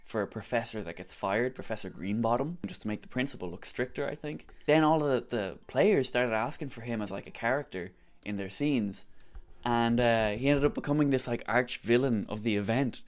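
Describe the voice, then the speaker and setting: An Irish man vlogging a casual, excitable recap story, swearing freely and peppering his speech with "like". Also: medium pitch, brisk. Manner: excitable, swearing, lots of likes.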